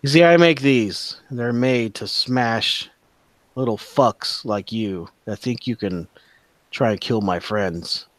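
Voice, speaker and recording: A man's voice: mid-range voice, slow pace, no room sound, lightly acted. A man voicing a huge, menacing male warrior who threatens with profanity during a tabletop game.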